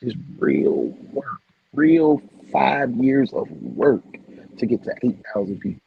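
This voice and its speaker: A man hosting a casual livestream, heartfelt and repetitive, shouting out viewers by name. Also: medium pitch, wildly swooping pitch, slow pace, gravelly, narrow, tinny audio, slight background noise. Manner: heartfelt, preachy, repeats phrases. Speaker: livestream host.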